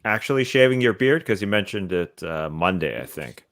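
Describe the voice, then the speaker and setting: A man's voice: low voice, sing-song, moderate pace, fairly bright tone, no room sound. A man co-hosting a podcast in casual chat, telling stories in a rambling, playful way. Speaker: podcast co-host.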